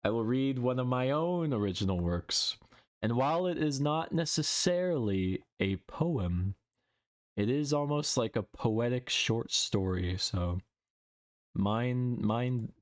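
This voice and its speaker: A man's voice: mid-range voice, expressive, unhurried. A young man streaming as a VTuber, chatting with viewers and reciting his own poetry in a dramatic way. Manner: dramatic recitation, then playful chat with silly noises. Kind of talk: casual stream chat and poetry reading.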